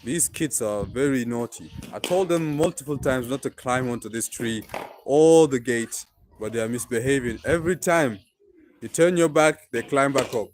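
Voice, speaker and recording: A man's voice: medium pitch, moderate pace, a little mellow, slight background noise, low-quality recording. A young man in his twenties from Nigeria with a mixed Nigerian and British accent, chatting casually on a live stream and dropping "like" and "bro" often. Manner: laid-back, fills with "like" and "bro".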